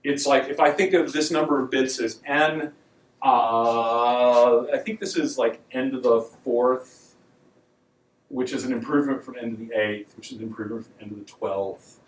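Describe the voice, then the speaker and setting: A man's voice: medium pitch, fairly even intonation, moderate pace, recorded from a distance, a little hiss or hum. Man lecturing in an echoey hall. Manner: casual and wry, with frequent ums and stressed words. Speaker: university lecturer. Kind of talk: classroom lecture.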